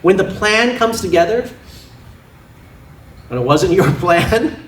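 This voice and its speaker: Animated man preaching in a roomy church. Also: high voice, slow pace, far from the mic. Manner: animated, laughing often, with sound effects and props. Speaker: pastor. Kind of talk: sermon. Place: church sanctuary.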